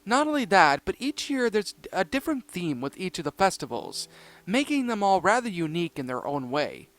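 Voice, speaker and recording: A man's voice: sits high, sing-song, fairly bright tone, heavily acted. A man voicing Austin, an eager young kangaroo. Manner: eager, bubbly, talks in quick bursts. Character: excitable young male kangaroo cartoon character.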